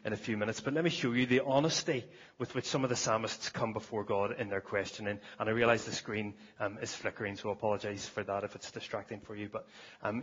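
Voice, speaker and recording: A man's voice: lowish voice, steady tone, quick pace, a bit bright, slightly rough, dull audio. A man preaching a sermon at a church service, earnest, often repeating words as he starts a phrase.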